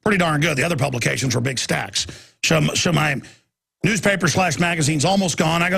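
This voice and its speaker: Casting: husky, gravelly talk radio host in his forties, rambling storyteller with mocking impressions. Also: brisk, a bit bright. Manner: mimics mocking voices in high squeals.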